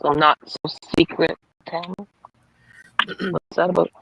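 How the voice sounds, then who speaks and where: Man slowly reading oracle affirmations. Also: a little high, fairly even intonation, vocal fry, pushed and bright, slightly rough, dry recording, rough recording. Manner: slow, deliberate card reading with slips and apologies. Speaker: livestream co-host reading cards. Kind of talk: casual live chat, reading affirmations.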